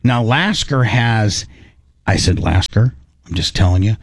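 A man's voice: on the low side, unhurried, vocal fry, no echo. A man telling a rambling, comic story in a casual chat. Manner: rambling, animated, restarts often.

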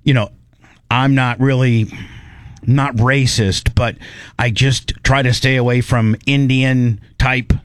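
A man's voice: mid-range voice, fairly even intonation, takes it slowly, no room sound. A man hosting a podcast in loose, rambling casual chat. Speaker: podcast host.

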